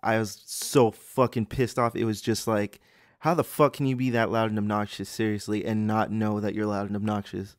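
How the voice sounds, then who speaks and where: A man's voice: on the low side, little pitch movement, normal speed, dry recording, clean studio sound. A man hosting a podcast, telling customer stories in a profane, exasperated, rambling way. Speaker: podcast host. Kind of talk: casual storytelling rant.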